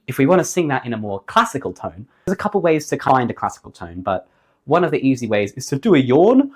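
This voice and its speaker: A man giving a singing lesson to camera, upbeat and jokey, his voice slightly hoarse after the flu. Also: mid-range voice, big pitch swings, a little fast. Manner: upbeat, jokey, emphatic on key points. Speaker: singing teacher.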